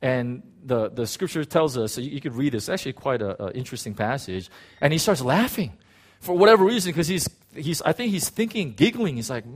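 Animated male preacher. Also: mid-range voice, brisk, breathy edge. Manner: animated preaching, voicing biblical figures, frequent restarts. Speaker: pastor. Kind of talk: sermon.

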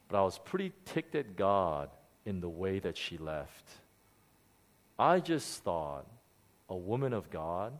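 Male pastor, middle-aged, candid sermon storytelling with a lively melody. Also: mid-range voice. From Korea.

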